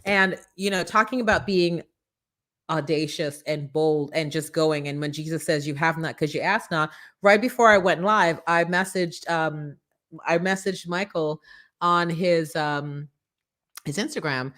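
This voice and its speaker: A woman hosting a live morning show, giving a preachy, animated motivational talk full of acted-out quotes. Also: deep voice, measured pace.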